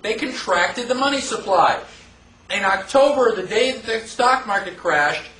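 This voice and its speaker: A man teaching a live class in a casual, conversational way, asking the room rhetorical questions and acting out quick mock quotes. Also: sits high, lively intonation, sharp tone. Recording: echoey room from far off.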